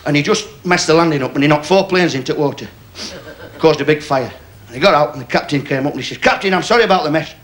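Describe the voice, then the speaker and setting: A man's voice: a little high, fast. A man from Sheffield with a Yorkshire accent, telling jokes on stage in broad dialect with put-on voices. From Sheffield, England. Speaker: stand-up comedian. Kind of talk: stand-up joke telling on a TV game show. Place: TV studio stage. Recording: studio audience laughter behind.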